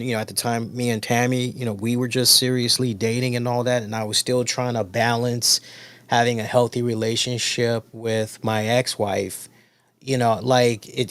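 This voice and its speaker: A man's voice: mid-range voice, no echo. Man telling a story in a dry room. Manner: conversational, repeats points for emphasis. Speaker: host of a wrestling review show. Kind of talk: casual personal storytelling.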